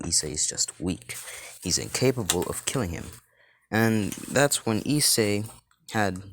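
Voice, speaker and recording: A man with a low, unhurried voice improvises a fan-fiction story, rambling and correcting himself as he goes. A faint hiss of noise runs under the recording. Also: a bit bright. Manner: rambling, full of fillers and restarts.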